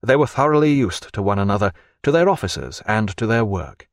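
A man reading a historical sea novel aloud as narrator, with an expressive storytelling delivery. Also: on the low side, a little fast, dry recording, studio quality. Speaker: audiobook narrator. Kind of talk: scripted narration.

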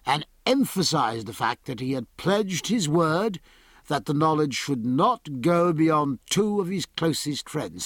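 A man reads a novel aloud in measured, expressive narration. His fairly high voice moves with lively pitch, and the dry, close recording has no room sound. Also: husky, no room sound. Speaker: audiobook narrator. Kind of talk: scripted audiobook narration.

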